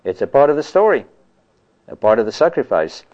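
A man preaches a sermon in a conversational way, at a mid pitch, often adding "you see" and "you know". His voice comes through a slightly muffled, lo-fi recording. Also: very animated, fairly quick, darkish tone. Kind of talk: sermon on scripture.

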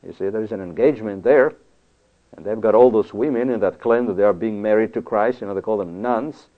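A man's voice: fairly low pitch, brisk. A man preaching a sermon in a conversational, emphatic way, often checking in with "you see?". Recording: tinny phone-like sound.

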